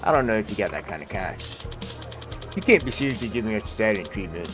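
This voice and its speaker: A man's voice: fairly low pitch, sing-song, a little fast, over music. A man voicing a mocking, blackmailing young male street thug in a video game. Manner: mocking, taunting.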